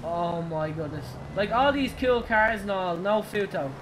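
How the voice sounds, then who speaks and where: A young Irish woman giving excitable, giggly live commentary while playing a driving game, shrieking at her crashes. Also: mid-range voice, unhurried, background noise. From Ireland. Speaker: game streamer. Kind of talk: live gaming stream commentary.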